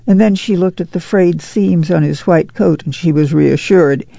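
Gravelly man reading a novel aloud. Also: fairly high pitch, moderate pace, mellow, no echo, lo-fi sound. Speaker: audiobook narrator. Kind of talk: scripted literary narration.

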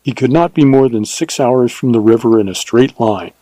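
A man reading a western novel aloud in a calm, even way. His voice is mellow and dark, and the recording is dry and close with no room sound. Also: mid-range voice, normal speed, no echo. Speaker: audiobook narrator. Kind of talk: scripted narration.

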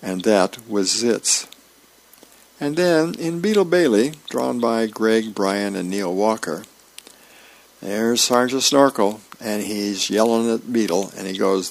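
A man reading newspaper comics aloud as a volunteer radio reader, in a folksy, unhurried way with small slips. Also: fairly low pitch, creaky.

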